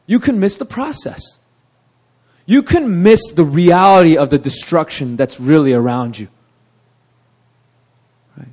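A man's voice: on the high side, unhurried, long pauses, a little mellow. A middle-aged male pastor preaching with energy, often asking the congregation "right?" and laughing at himself. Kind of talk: sermon.

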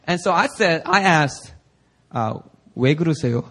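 A young adult man preaching, telling a personal story with lively energy and acting out the people he quotes. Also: a little high, fast talker. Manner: animated storyteller, acts out quoted voices. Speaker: pastor.

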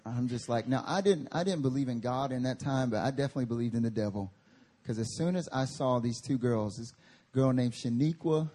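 A male pastor preaching a sermon at a church service, telling animated stories and laughing through them. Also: mid-range voice, breathy edge.

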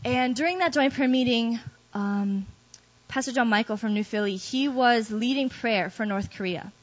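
A woman's voice: on the high side, moderate pace. Woman sharing a candid church testimony. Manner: candid, self-deprecating storytelling with laughs. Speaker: guest speaker giving testimony. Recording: dull lo-fi recording.

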